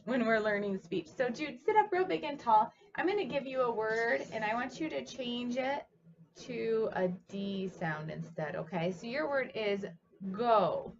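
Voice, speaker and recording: A woman's voice: fairly high pitch, lively intonation, muffled recording, noisy background. Patient, encouraging woman teaching speech sounds. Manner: patient, encouraging, speaks slowly to a child. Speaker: speech therapist. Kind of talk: instructional demonstration.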